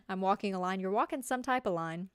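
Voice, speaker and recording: A woman's voice: mid-range voice, smooth, dry recording, clean studio sound. A woman with a Southern US accent, a streamer chatting casually with her live viewers, giggly and full of fillers.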